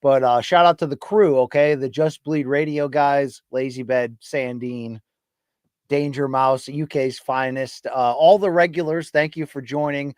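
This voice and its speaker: Recorded cleanly on a studio mic in his home studio with no echo, this middle-aged East Coast man hosts a solo livestream ramble, chatting, poking fun at himself, and hyping his chat. His mid-range voice is a little slow, darkish, clear, and resonant, with fairly even intonation.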